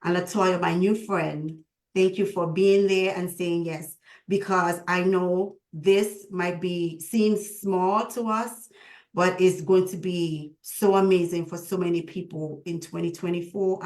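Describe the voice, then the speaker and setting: A woman's voice: on the low side, reverberant. A woman hosting a video call, speaking in a heartfelt, prayerful and emotional way. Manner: prayerful and emotional, with lively retold dialogue. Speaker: host.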